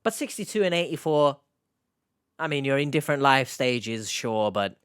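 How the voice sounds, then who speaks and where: A man's voice: mid-range voice, lively intonation, moderate pace, a bit bright, clear, resonant tone, no echo, clean studio sound. A man hosting an online reaction video, giving sarcastic, mocking commentary in a casual way.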